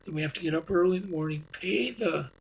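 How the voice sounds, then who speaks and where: A man's voice: on the high side, quick pace, vocal fry, slight background noise, low-quality recording. A man, a guest on a podcast, telling a long story in a casual, rambling way, often restarting and repeating words.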